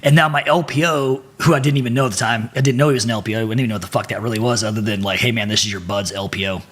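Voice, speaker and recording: A middle-aged man, a podcast guest, telling profane stories in a lively way and acting out the quotes. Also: medium pitch, racing. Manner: animated, profane, acts out quotes. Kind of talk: casual storytelling chat.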